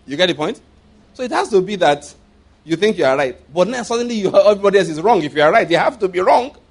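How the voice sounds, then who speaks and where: A man's voice: high-pitched, animated, fast talker, slightly rough. A man preaching to a congregation, telling a personal story. He often repeats himself, laughs mid-sentence and asks the listeners rhetorical questions. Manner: repeats phrases, laughs often while speaking. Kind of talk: sermon storytelling.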